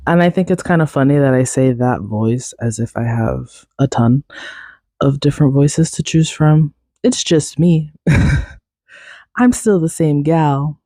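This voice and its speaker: A young woman hosting a casual solo podcast, raspy and congested from a cold, rambling along with lots of fillers. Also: rumbling low, takes it slowly, dark tone, dry recording, studio quality. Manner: rambling, filler-heavy, self-deprecating. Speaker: podcast host.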